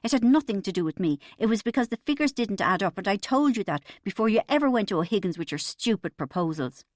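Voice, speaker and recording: A woman voicing a defensive Irish wife in an audiobook, with a posh put-on accent and a shrill voice. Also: lively intonation, fast, no room sound, studio quality, close to an everyday voice.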